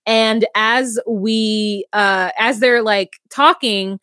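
A woman co-hosting a podcast, recapping a reality show in a sassy, animated way and acting out quotes. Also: a little high, very slow, no room sound, clean studio sound. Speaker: podcast co-host. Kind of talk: casual recap chat.

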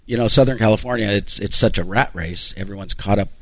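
A middle-aged man reflecting on his life as a radio show guest, speaking in a measured, thoughtful way. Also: lowish voice, fairly bright tone, dry recording. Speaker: caller sharing debt-free story.

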